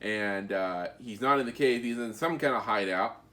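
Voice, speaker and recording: A man co-hosting a podcast, casually recapping comic book stories with many fillers and pauses. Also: on the low side, pushed and bright. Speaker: podcast co-host.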